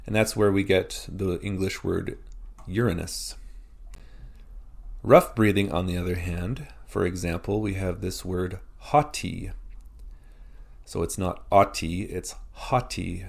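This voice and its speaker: A man's voice: low voice, flat delivery, a little slow, vocal fry, pauses often. A man teaching a recorded language lesson, explaining patiently and encouraging practice.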